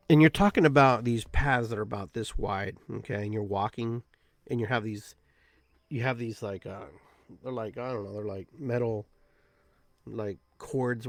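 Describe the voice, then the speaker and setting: Man, podcast host, casual rambling storytelling, lots of fillers, mid pitch, dry close recording. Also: no room sound. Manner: rambling, full of "you know" fillers.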